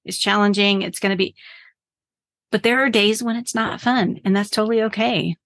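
Brief: woman guest coach, upbeat and earnest, gravelly, dry close sound. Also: medium pitch, steady tone, moderate pace, fairly bright tone, dry recording. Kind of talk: casual podcast interview.

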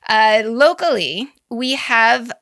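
A woman co-hosting a podcast, chatting casually about news with quick asides and easy laughs. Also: a little high, expressive, a crowd in the background. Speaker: podcast co-host. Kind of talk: casual chat about girls' baseball news.

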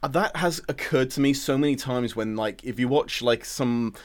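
A man's voice: medium pitch, normal speed. A British man, a podcast guest, chatting casually about a film with lots of fillers and laughs.

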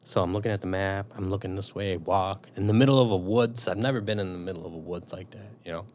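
A man's voice: sits low, fast talker, a little hiss or hum. A man telling a story in casual chat, swearing often and acting out his own thoughts. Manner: profane, animated storyteller.

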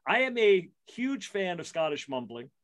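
A man in his forties co-hosting a casual podcast chat, rambling and self-mocking with quick bursts and restarts. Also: sits high, sing-song, fairly bright tone. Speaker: podcast co-host.

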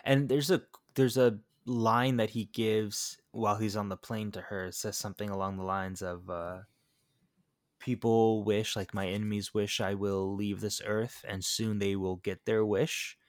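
A man co-hosting a casual movie review podcast, jokey, quick to laugh and to get loud when excited. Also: fairly low pitch, no echo, clean studio sound. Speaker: podcast co-host.

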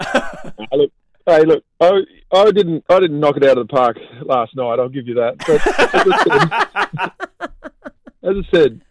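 A man in his forties calling in, relaxed and laughing off the complaints. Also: a little high, moderate pace, heavy background noise. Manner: laid-back, laughing, unbothered. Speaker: caller on the phone.

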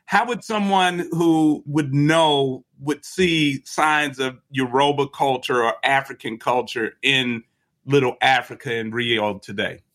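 An American man hosts an interview podcast, speaking in an easy, conversational way. His voice sits in a middle pitch, and he often restarts his sentences as he thinks aloud. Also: takes it slowly, a bit bright. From United States. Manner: conversational, with frequent restarts and fillers. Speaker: podcast host.

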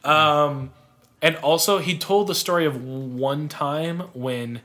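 A man's voice: a little high, slow pace, pushed and bright. A young man co-hosting a podcast, telling a sports story in casual chat, rambling and laughing often. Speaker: podcast co-host.

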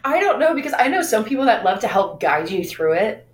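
A woman's voice: on the high side, fairly quick, reverberant, rough recording. A woman co-hosting a podcast, telling stories in casual chat and acting out the lines of the people in them. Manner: animated, acts out quoted dialogue. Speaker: podcast co-host.

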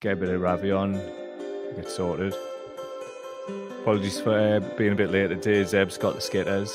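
A man's voice: low-pitched, little pitch movement, moderate pace, music in the background. A man hosting a casual live-stream chat from a cellar, rambling and jokey. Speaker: show host. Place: temporary cellar room.

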